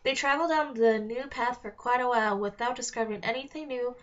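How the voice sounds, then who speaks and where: A woman reads a children's storybook aloud at a steady pace, now and then stumbling and starting a phrase over. Her voice sits a little high, and the recording sounds dull and lo-fi. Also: fast. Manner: reads aloud with small slips and restarts. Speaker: reader. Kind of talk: read-along of a children's novel.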